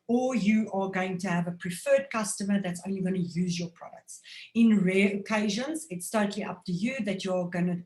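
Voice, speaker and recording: Woman trainer, mid pitch, animated coaching delivery, roomy echo. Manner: animated, acts out phone calls in quick voices. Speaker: network marketing trainer. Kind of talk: motivational training talk.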